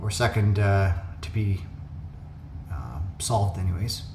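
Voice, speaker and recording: A man's voice: deep voice, lively intonation, slow, creaky, noisy background. Man thinking aloud in an echoey room. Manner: thinks aloud with frequent fillers. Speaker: puzzle video host. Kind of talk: casual solo commentary. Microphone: phone webcam.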